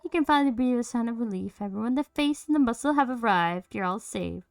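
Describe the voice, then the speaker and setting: A woman's voice: on the high side, fast talker, gravelly, clear, resonant tone, dry recording. A woman streaming a narrative game, reading out all the characters' lines in playful, shifting voices. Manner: switches between character voices, lively and playful. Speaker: streamer voicing a game's characters.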